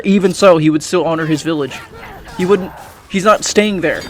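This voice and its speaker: A man's voice: fairly high pitch, moderate pace. A young man giving frustrated, profane game commentary as a YouTuber, often restarting his sentences. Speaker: gaming YouTuber.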